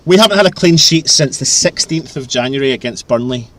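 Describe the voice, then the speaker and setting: A man co-hosting a live football watchalong, excitable and groaning and cheering at the play. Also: mid-range voice, brisk. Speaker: fan channel co-host. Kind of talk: live match watchalong chat.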